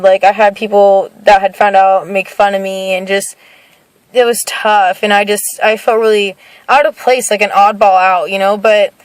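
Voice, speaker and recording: A woman's voice: medium pitch, dry recording, low-quality recording. Nervous young woman sharing her story. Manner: hesitant, many fillers, nervous. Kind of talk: casual personal testimony to camera.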